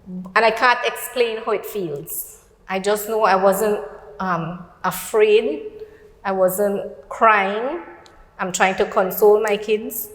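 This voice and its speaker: A woman's voice: mid-range voice, slow pace, roomy sound, in a large hall. A middle-aged woman with a Belizean accent telling a personal faith testimony on a talk show, recounting events through quoted dialogue. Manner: earnest, storytelling with quoted dialogue. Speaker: guest.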